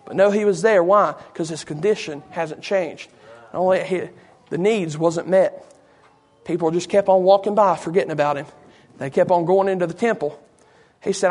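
A man's voice: high voice, fairly even intonation, a little fast. A male preacher delivering a sermon in a folksy way, often turning to the congregation with asides.

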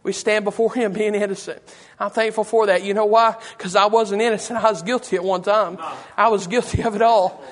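A man's voice: high-pitched, fairly even intonation, brisk. A man preaching an impassioned, repetitive, emotional sermon. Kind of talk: fervent sermon.

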